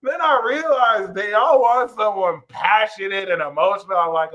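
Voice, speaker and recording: A young man giving a casual astrology reading, loose and joking, with bursts of loud, animated rants. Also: moderate pace, poor audio. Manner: animated, swings into loud high playful rants with profanity. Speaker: astrology reader.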